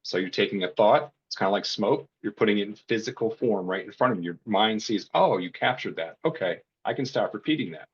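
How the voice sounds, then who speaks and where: A husky man with a fairly low voice, a burnout coach guesting on a podcast. He tells his stories in a casual, animated way and slips into the voices of the people he quotes. The recording sounds dull and lo-fi. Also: brisk, hardly any pauses. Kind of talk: casual storytelling.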